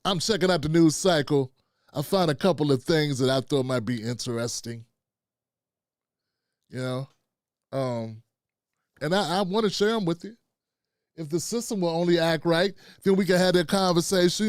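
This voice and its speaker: A man's voice: high voice, moderate pace, clean tone, no room sound, studio quality. A middle-aged man, hosting a casual live stream, loose and chatty and calling out to his viewers. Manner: loose and chatty, talks to chat and producer, frequent "man" and "fam". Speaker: live-stream show host.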